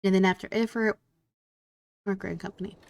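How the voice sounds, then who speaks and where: A woman's voice: medium pitch, fairly even intonation, moderate pace, gravelly, a little mellow. A woman streamer chatting casually while she plays a game. She reads dialogue aloud, stumbles over words and giggles often. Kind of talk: casual gameplay commentary, reading dialogue aloud.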